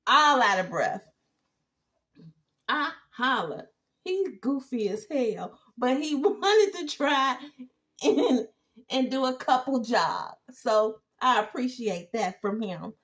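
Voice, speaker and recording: A woman giving a casual, animated TV episode recap with exclaiming asides. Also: fairly high pitch, slow. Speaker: TV recap host.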